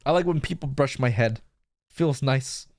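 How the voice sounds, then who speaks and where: A man's voice: mid-range voice, normal speed, creaky, a little mellow, dry recording, studio quality. A young man chatting casually on a stream, rambling and swearing as he tells stories about himself. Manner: rambling, swearing, self-mocking.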